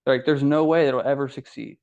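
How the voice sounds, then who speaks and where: With a gravelly, mid-range voice and a fast delivery, a young adult man from Ohio shares his story casually on a podcast as a guest. He animatedly acts out others' lines, and the recording is dull and lo-fi.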